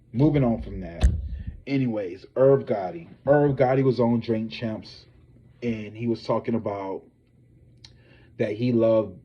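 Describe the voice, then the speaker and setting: Profane, animated male gossip streamer. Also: fairly low pitch, highs cut off. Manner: profane, animated, talks straight to viewers. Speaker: psychic tarot reader and gossip host. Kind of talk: casual celebrity gossip livestream.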